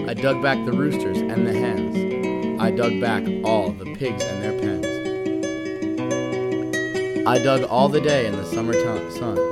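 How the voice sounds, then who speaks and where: A young man reading a rhyming children's picture book aloud at a steady, rhythmic pace. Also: medium pitch. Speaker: guest reader, band musician.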